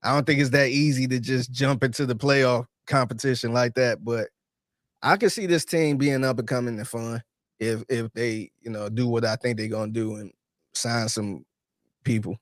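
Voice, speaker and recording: A man's voice: medium pitch, fairly even intonation, moderate pace, no room sound, studio quality. A man co-hosting a podcast in casual sports chat, laid-back and agreeable, often restarting his sentences. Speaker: podcast co-host.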